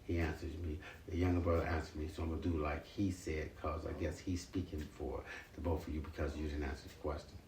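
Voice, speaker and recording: A very low-voiced man speaks earnestly and repeats himself as he talks to his sons at home. He is heard from across an echoey room with a faint hiss underneath. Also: flat delivery, fast, hardly any pauses, darkish tone, far from the mic. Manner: earnest, repetitive, plain-spoken. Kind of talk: home family talk, lecturing and apologizing.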